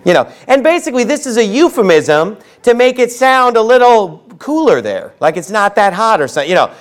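A man preaching a fiery sermon as pastor, swinging from low asides to shouted outbursts and slowing down to stress quotes from scripture. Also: very animated.

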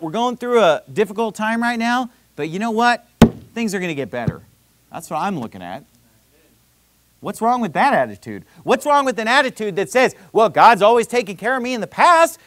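A man preaching a sermon in an animated, conversational way, full of rhetorical questions and quoted scripture. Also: high-pitched, no echo. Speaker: pastor.

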